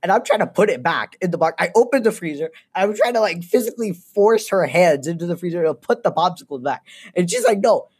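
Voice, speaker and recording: A woman's voice: fairly low pitch, animated, fast talker, hardly any pauses, darkish tone, husky. A young woman co-hosting a casual podcast, telling stories with laughs and acted-out quotes. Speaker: podcast co-host. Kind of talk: casual chat.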